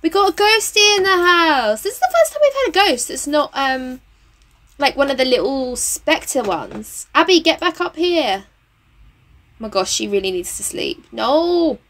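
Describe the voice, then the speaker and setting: A young woman giving chatty, excitable commentary while playing a life-sim game, full of slang. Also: high-pitched, moderate pace. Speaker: game streamer. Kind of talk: casual gameplay commentary.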